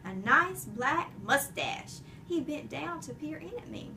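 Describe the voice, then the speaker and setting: A woman narrating a children's chapter book in an expressive, animated storytelling way. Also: high-pitched, a little slow, few pauses, recorded from a distance, slight background noise. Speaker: audiobook reader.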